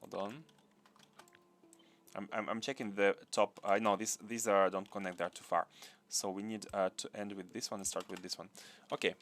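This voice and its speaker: Low-voiced man thinking aloud while streaming. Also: level tone, moderate pace, fairly bright tone, slight background noise. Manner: thinks aloud, repeats phrases, chats with viewers. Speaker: gaming livestream host. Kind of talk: live gameplay commentary.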